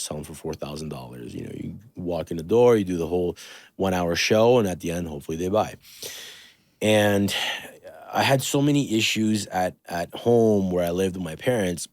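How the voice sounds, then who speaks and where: Very deep-voiced man telling stories casually. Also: brisk, darkish tone, dry recording, clean studio sound. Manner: loose and profane, with many fillers. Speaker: podcast host. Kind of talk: casual storytelling chat.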